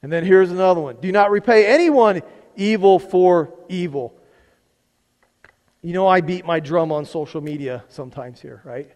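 Preaching at normal speed in a high-sitting voice with a darkish tone, a male pastor addresses his church conversationally. He often asks the congregation questions and repeats words as he goes. The sanctuary recording has long hall reverb.

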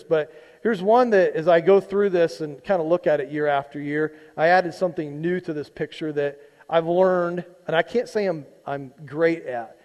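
High-voiced male pastor preaching in a hall. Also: a little mellow. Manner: conversational preaching, teasing the congregation. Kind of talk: sermon. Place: church sanctuary.

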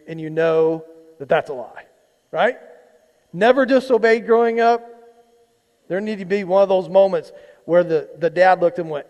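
A man's voice: sits high, darkish tone, big-room sound. A male pastor giving a conversational sermon, teasing his congregation as he reads and retells a scripture story. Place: church sanctuary.

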